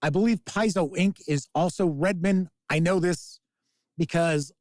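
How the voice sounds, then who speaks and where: A man's voice: fairly high pitch, unhurried, darkish tone, dry recording. A man in his fifties, hosting a casual live-stream chat, rambling and reading out viewer comments. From American. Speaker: podcast host reading chat.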